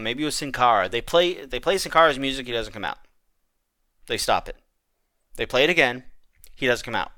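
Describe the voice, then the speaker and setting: A man co-hosting a podcast, telling a long story in a casual, animated way with frequent restarts. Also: mid-range voice, clear, resonant tone, no room sound, studio quality. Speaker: podcast co-host.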